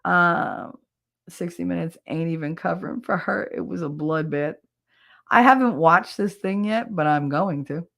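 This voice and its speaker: Woman streamer, New Jersey accent, slightly low voice, casual and blunt, reads chat aloud between laughs. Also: a little slow, creaky, a bit bright. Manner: blunt, laughs often, swears freely. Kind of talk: casual live-stream chat, reading comments.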